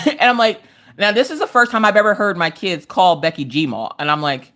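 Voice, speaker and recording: Speaking at a medium pitch and moderate pace, a livestream host in her thirties tells family stories in a casual, animated chat, breaking into frequent laughter.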